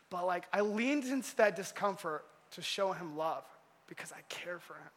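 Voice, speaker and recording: A young man telling a story during a casual sermon, animated and full of laughs and filler words. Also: high voice, a little fast. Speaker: youth pastor. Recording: long hall reverb.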